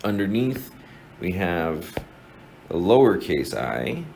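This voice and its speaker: A man's voice: low voice, big pitch swings, slow, gravelly, darkish tone, a little hiss or hum, low-quality recording. A man with a New Jersey accent giving an informal lesson, explaining step by step with plenty of fillers and restarts. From New Jersey, USA. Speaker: teacher.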